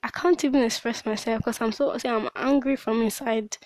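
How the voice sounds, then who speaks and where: A woman's voice: fairly high pitch, fairly even intonation, normal speed, no room sound. A woman hosting a personal diary podcast, upset and worn out from crying, venting in broken, restarting sentences. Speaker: podcast host and small business owner.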